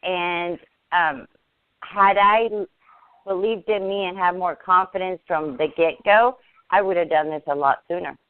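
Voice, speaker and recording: A woman speaking as an interview guest, earnest and halting, often restarting her sentences. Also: lowish voice, fairly even intonation, clean tone, dry recording. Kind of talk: casual interview chat. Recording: tinny dry phone line.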